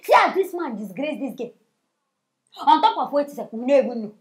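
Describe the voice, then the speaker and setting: A woman's voice: high voice, sing-song, brisk. A Nigerian woman hosting a comic celebrity news show, mocking and scolding in gossip commentary.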